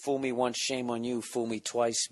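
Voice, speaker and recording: A man's voice: medium pitch, little pitch movement, normal speed. A man hosting his own podcast from home, rambling in a profane, self-mocking casual monologue while keeping his voice down. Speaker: podcast host and comedian. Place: home, at night or early morning.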